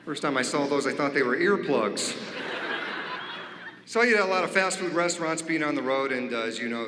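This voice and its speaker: A stand-up comedian man working a theater crowd, his voice swooping up and down in lively bursts. He slips into other characters and makes goofy beep and ding noises. The sound carries a long reverb from the big hall, with some room noise under it. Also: mid-range voice. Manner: acts out characters, mimics beeps and dings. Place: large performing arts theater stage. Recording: echoey hall, live audience ambience.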